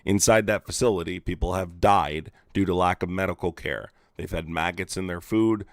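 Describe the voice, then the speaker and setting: A man's voice: low voice, normal speed, dry recording, studio quality. A man hosting a call-in political debate, pressing and insistent as he argues. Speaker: political streamer and activist.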